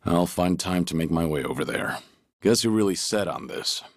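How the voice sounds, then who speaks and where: An actor voicing a stoic, gruff middle-aged ex-yakuza man in video game voice lines, terse and low-spoken. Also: expressive, moderate pace, dry recording, studio quality. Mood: dry. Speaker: game character voice clips.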